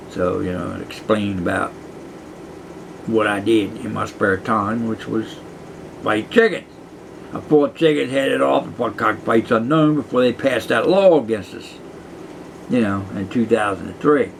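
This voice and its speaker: A man's voice: fairly low pitch, moderate pace, vocal fry, background noise. A man in his sixties, a retired prison guard, telling rambling, profane stories in casual chat. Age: 60s. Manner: profane, meandering, chuckling. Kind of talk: rambling casual storytelling to camera.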